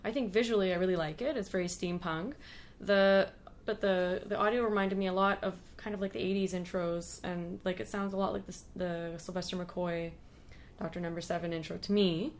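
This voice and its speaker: A woman's voice: on the low side, steady tone, a little fast, slight background noise. A woman, a guest on a podcast, chatting casually as the resident show expert with a rambling flow full of fillers.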